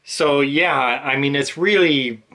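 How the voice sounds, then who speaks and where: Male book channel host, bright tone, emotional, rambling casual monologue. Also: medium pitch, slow. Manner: rambling, emotional, many fillers.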